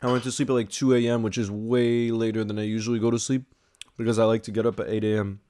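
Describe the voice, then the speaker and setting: A young man chatting casually through a live football watch-along and answering viewer messages, bursting into excited shouts at big moments. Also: fairly low pitch, fast talker. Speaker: football streamer reacting live.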